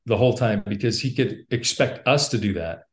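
Man telling a story with animated energy. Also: fairly low pitch, fairly quick. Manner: animated storyteller who laughs often and repeats words when starting sentences. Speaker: podcast guest. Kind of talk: storytelling in casual conversation.

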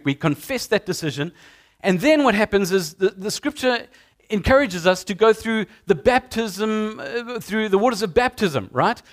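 A male pastor preaching a sermon in a conversational way to his congregation in a church. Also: high voice. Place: church sanctuary.

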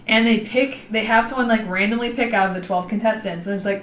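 A woman's voice: on the high side, fast, few pauses, fairly bright tone. A woman co-hosting a podcast, chatting casually and animatedly, acting out little quotes as she tells stories. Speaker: podcast co-host. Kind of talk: casual chat. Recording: echoey room, faint noise.

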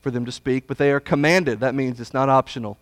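A man preaching a Bible study sermon, blunt and folksy, swinging from loud emphasis to hushed asides. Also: mid-range voice, steady tone, fairly quick, dry recording.

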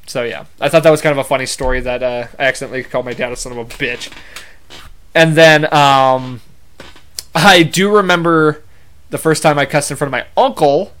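A man's voice: mid-range voice, a little fast, a bit bright. A young man hosting a podcast, telling casual stories in a rambling, self-correcting way with some swearing. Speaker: podcast host. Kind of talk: casual storytelling monologue.

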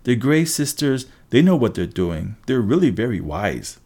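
A clever teenage girl speaks fast and urgently, her voice lifted, as a man plays her. She sounds sure of herself in a storybook adventure. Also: mid-range voice, sing-song, a little mellow, slightly rough.

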